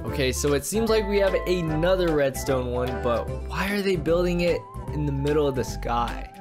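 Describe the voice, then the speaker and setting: A young man giving casual gameplay commentary as a YouTuber, chatty and thinking aloud with lots of fillers. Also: medium pitch. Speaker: Minecraft YouTuber.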